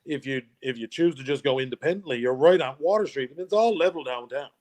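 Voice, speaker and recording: A man's voice: mid-range voice, fast talker, darkish tone. Jokey man telling stories. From Newfoundland, Canada. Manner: jokey storyteller, laughs often, restarts phrases. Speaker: guest. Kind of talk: casual interview chat.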